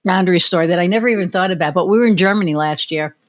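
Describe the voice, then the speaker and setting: A woman's voice: fairly low pitch, very fast. Candid American woman hosting a podcast. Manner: candid storyteller who swears freely. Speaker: podcast host. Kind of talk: casual interview chat.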